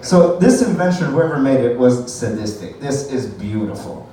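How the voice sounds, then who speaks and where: A man's voice: medium pitch, very animated, moderate pace, warm tone. A man doing a stand-up comedy set at an open mic night, rambling, swearing and laughing at his own jokes. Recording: echoey room from far off, faint noise.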